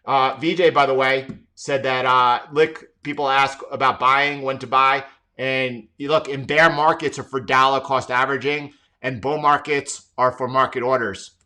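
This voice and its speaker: A man's voice: mid-range voice, steady tone, moderate pace, pushed and bright. A man hosting a live trading stream, talking emphatically and often repeating and restarting his words. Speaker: trading livestream host. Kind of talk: live market commentary.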